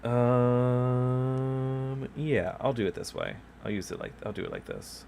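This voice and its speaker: This man chats while streaming a game from his home desk, his mic beside him, rambling and laughing at himself a lot. His medium-pitched voice is gravelly and a little mellow, with lively intonation and a slow pace, and there's slight background noise.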